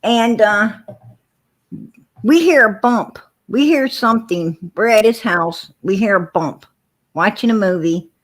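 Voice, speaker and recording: A woman hosting a livestream, telling stories and arguing with viewers in a blunt, profane way. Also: mid-range voice. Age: adult with four kids. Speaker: livestream host. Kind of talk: casual livestream talk.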